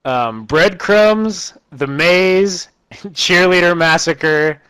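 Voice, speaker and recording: A man casually recapping a terrible movie for laughs, animated and laughing often as he acts out lines. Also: high voice, very slow, smooth, rough recording. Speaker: movie reviewer.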